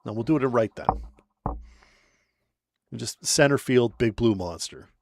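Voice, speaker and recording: A man co-hosting a sports talk show, joking and sarcastic in quick casual banter. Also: mid-range voice, animated, darkish tone, no room sound, clean studio sound.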